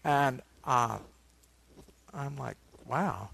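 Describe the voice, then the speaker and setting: A man giving a meditation dharma talk, a relaxed storyteller who adds asides to his listeners. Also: medium pitch, drawn-out words, vocal fry. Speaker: meditation teacher.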